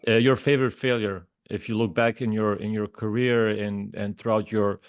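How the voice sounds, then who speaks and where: Low-voiced podcast host, dry sound. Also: male voice, steady tone, moderate pace, smooth, dry recording. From Lithuania. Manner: rambling, repeats words while framing questions. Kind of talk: podcast interview.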